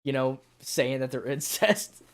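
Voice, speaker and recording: A teenage boy in casual chat on a racing league podcast, telling a joking, animated story. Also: medium pitch, a little slow. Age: teens.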